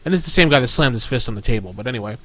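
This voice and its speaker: A man co-hosting a casual gaming podcast, sharing quick anecdotes. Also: mid-range voice, expressive, fairly bright tone, no echo. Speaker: podcast co-host. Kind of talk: casual chat.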